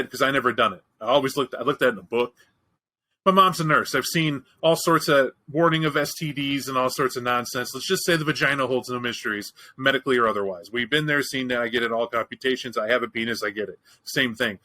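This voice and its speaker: A man's voice: medium pitch, pushed and bright, poor audio. A man hosting a show, chatting casually and telling a candid, profane, joking story. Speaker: podcast host. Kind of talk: casual chat.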